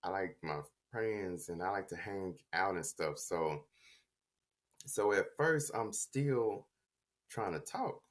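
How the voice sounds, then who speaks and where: A man telling his own story on a podcast in a reflective, confessional way, stuttering and restarting words as he goes. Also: deep voice. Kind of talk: personal storytelling.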